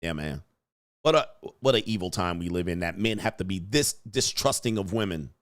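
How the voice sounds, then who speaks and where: A man's voice: low voice, expressive, fairly quick. Joking man reading donor messages. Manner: loose and joking, reads donor messages aloud, laughs often. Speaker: live stream host. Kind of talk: casual live-stream commentary.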